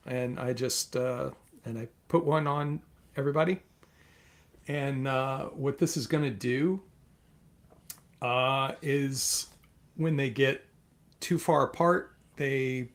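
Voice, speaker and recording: A man playing a tabletop game, explaining his plan haltingly with lots of fillers. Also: mid-range voice. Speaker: player. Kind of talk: tabletop role-play chat.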